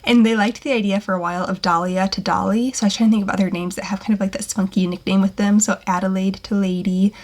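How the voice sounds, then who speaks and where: A woman's voice: mid-range voice, steady tone, quick pace, few pauses. A young woman working as a baby name consultant, talking casually and upbeat with lots of fillers. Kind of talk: casual talking-head vlog.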